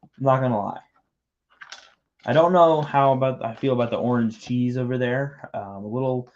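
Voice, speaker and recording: Speaking at a normal speed with a mid-range voice, this livestream host rambles and keeps restarting as he builds. He jokes around with his co-host in a relaxed way, and the lo-fi stream sound is muffled.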